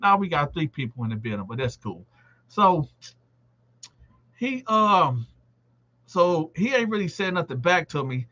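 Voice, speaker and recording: A man hosts a live stream and tells a prison story in a loose, conversational way. His voice is bright and cutting and sits a bit high for a man. He acts out the other inmates' lines, and the dull, lo-fi stream audio takes the top off the sound. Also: very animated, measured pace, pauses often. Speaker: livestream host telling a prison story. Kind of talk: casual storytelling to a live audience.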